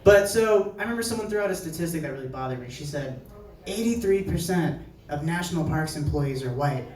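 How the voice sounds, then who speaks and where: A man's voice: on the high side, fairly quick, distant mic. Young man doing stand-up in an echoey room. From New Jersey. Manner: conversational, animated voices for quoted people. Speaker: stand-up comedian. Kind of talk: stand-up set. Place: brewery at a live show. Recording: echoey venue heard from afar.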